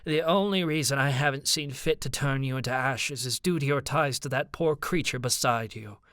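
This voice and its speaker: A man's voice: mid-range voice, moderate pace, fairly bright tone, smooth, no echo, clean studio sound, lightly acted. A man voicing a hissing, spiteful old sorceress. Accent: transatlantic. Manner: hissing, cold, contemptuous. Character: spiteful elderly woman fire sorceress, domineering grandmother.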